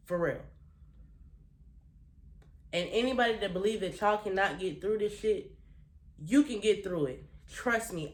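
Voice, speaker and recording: Emphatic, emotional woman vlogger, echoey room. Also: fairly low pitch. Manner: emphatic, blunt and profane, repeating phrases for weight; earnest and emotional, holding back tears. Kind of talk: heartfelt motivational talk to camera.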